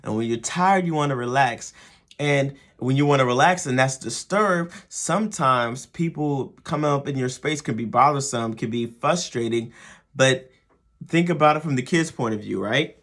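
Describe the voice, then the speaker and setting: A man's voice: mid-range voice, animated, a little slow, fairly bright tone. A man hosting a show for fathers, talking through his advice casually and often checking in with "right?". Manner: conversational, repeats words and asks "right?" often. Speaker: host.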